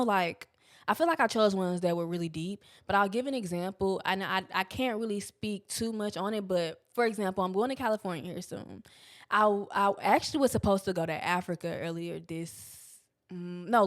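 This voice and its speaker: Blunt, casual young woman talking self-help. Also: mid-range voice. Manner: casual, blunt, swears freely, drawn-out emphasis. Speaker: podcast host. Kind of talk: candid solo self-help talk.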